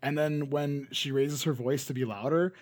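A man's voice: fairly high pitch, steady tone, normal speed. A man with a Canadian accent co-hosting a podcast in casual chat, rambling and restarting his sentences. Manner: rambling, restarts often, laughs between remarks. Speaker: podcast co-host.

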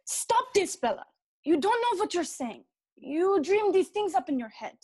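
A hard, unyielding elderly mother, played by an actress, her voice pitched high yet clipped. She scolds and commands in short, curt lines. The delivery belongs to a stage drama. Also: very animated, measured pace, darkish tone, exaggerated voice. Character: stern, cold elderly mother.

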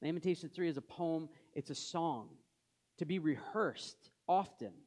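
High-voiced conversational preacher man. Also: a little slow, a little mellow. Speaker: pastor. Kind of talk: sermon.

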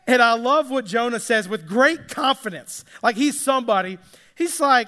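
A man's voice: very high-pitched, expressive, normal speed, bright, forceful tone, big-room sound. A man preaching a sermon, retelling a story in a casual, conversational way and acting out the characters' lines. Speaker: pastor.

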